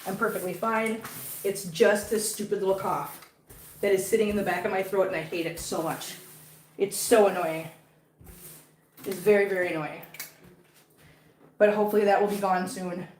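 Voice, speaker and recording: A woman's voice: medium pitch, steady tone, moderate pace, pauses often, darkish tone, a little hiss or hum. Woman cooing at her cats, echoey room. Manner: baby talk to cats, giggly. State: lingering cough from a cold. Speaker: cat vlogger. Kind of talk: casual chat while cleaning. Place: home with cats.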